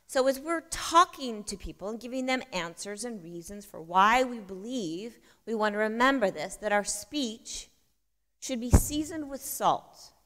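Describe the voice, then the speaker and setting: In a church hall with long reverb, a woman conference speaker gives a conversational talk and often asks the audience questions. Her voice is a little high, bright, and forceful, with lively intonation at a measured pace.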